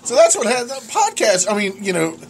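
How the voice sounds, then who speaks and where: A man's voice: sits high, fairly quick, vocal fry, very noisy. A man co-hosting a casual podcast, telling profane stories with lots of laughter. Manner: animated, profane storytelling with frequent laughs. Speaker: podcast co-host.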